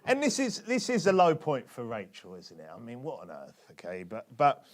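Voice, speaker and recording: A man's voice: mid-range voice, wildly swooping pitch, normal speed. A British man preaching a conversational sermon, often tossing tag questions at his congregation. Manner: chatty, keeps asking tag questions of the congregation.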